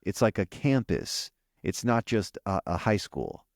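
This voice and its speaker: A man with a fairly low voice that rises and falls a lot as he recaps a TV episode. He talks casually, stumbling and restarting as he hunts for words. The sound is dry and close. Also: lively intonation, a little slow, no echo. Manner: rambling, many restarts, searches for words. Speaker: podcast co-host.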